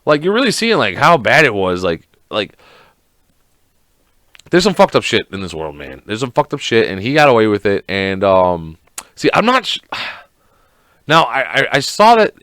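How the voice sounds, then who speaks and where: A man's voice: lowish voice, fairly bright tone, dry recording. Man, podcast host, casual rant, heavy swearing, fillers, dry mic. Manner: rambling, profane, lots of fillers; acts out scenes in quoted voices. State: sick.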